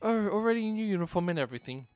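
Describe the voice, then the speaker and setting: A man's voice: high voice, lively intonation, rapid-fire, darkish tone, faint music behind, voice pushed up. Man reading as a chatty, cheerful mum. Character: cheerful caring mother of a new student. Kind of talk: reading game dialogue aloud.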